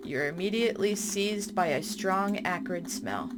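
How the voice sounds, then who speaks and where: A woman reads a horror game's text aloud at a mid pitch, stopping now and then for startled, chatty remarks to herself. Steady background noise runs under the voice. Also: unhurried. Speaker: game streamer. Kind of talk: reading a horror game aloud with reactions.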